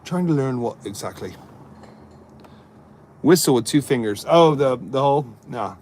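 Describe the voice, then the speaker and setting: A man's voice: medium pitch, animated, normal speed, darkish tone, a little hiss or hum. A man and amateur comic chatting on a live stream, telling rambling jokey stories and answering his viewers. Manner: jokey, rambling storyteller who chats to viewers.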